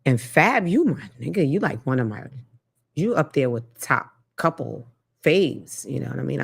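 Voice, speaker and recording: Animated, profane woman host. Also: medium pitch. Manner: blunt, profane, animated, laughs often. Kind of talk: casual commentary monologue.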